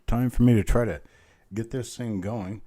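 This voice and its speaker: Hoarse folksy man calling an auction. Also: on the low side, fairly even intonation, moderate pace, dark tone. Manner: folksy, chatty, calls bids repeatedly. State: hoarse, recovering lost voice. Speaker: auctioneer host. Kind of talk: live online coin auction.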